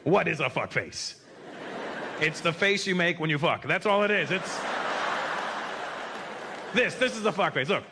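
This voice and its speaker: A man's voice: a little high, expressive, unhurried, long pauses. A male stand-up comedian doing crude, conspiratorial bits on a club stage. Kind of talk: stand-up set. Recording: loud audience laughter and noise.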